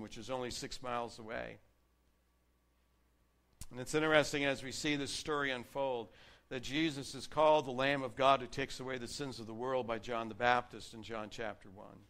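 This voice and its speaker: A man preaching a sermon, earnestly reading and explaining scripture, varying his loudness for emphasis. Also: medium pitch.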